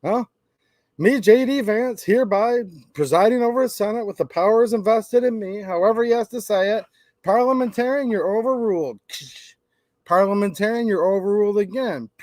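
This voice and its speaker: A man's voice: high voice, moderate pace, darkish tone, no echo, pitched above the performer's own voice, natural voice. A man voicing a brash male politician who takes command and taunts his rivals in a bossy way.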